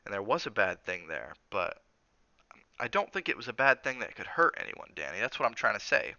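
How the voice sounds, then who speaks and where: A man's voice: lowish voice, sing-song, brisk, pushed and bright, dry recording, lo-fi sound, full character voice. A man reading the part of a kindly older male hotel cook, with a folksy, reassuring drawl.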